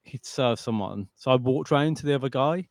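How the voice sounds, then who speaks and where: Podcast co-host, male, gravelly and relaxed, chatty anecdotes, dry mic. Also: mid-range voice, moderate pace, dry recording. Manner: rambling storyteller, many restarts and "I was like". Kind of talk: casual chat.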